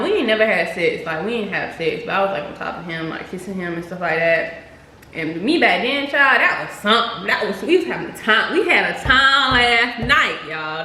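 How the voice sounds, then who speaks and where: Chatty young woman, bright echoey voice. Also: mid-range voice. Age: young adult. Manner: chatty, slangy, addresses viewers as "y'all". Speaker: vlogger telling a story. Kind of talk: casual storytime chat. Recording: echoey room with faint noise.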